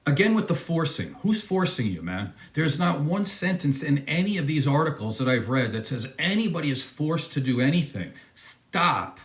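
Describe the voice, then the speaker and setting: A man reacting to a video, his pitch swinging widely as he scoffs and presses his points. His voice carries an echo from the room. The delivery is emphatic and incredulous. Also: very animated, fairly quick, hardly any pauses. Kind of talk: casual commentary reacting to a video.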